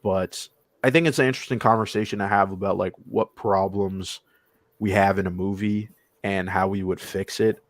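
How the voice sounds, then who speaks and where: Low-voiced guy hosting, kinda hesitant, lots of ums, dry mic. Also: steady tone, normal speed, dry recording. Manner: laid-back, hesitant, many fillers. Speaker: host. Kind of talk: casual chat.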